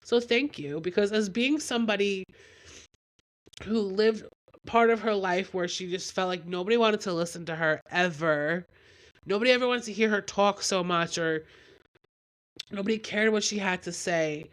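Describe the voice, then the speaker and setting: A woman's voice: medium pitch, normal speed. A young woman hosting a solo podcast while getting over a cold, talking in a rambling, heartfelt way with lots of "like". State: has a cold. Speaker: podcast host. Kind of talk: candid solo podcast talk.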